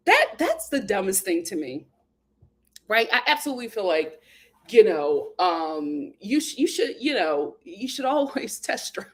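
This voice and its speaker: A woman hosting a casual live stream, greeting viewers by name and reading their comments aloud with sassy, lively chatter. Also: medium pitch, a little slow. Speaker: host of a live show. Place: home in Los Angeles.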